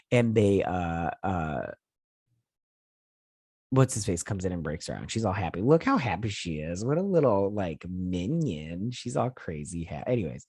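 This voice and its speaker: A man with a husky, low-pitched voice gives a loose, chatty recap of a TV episode. He rambles and paraphrases scenes with plenty of "like" and side comments. His voice is recorded dry and close. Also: sing-song, moderate pace, dry recording. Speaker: show host reviewing a TV episode. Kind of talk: casual episode recap and review.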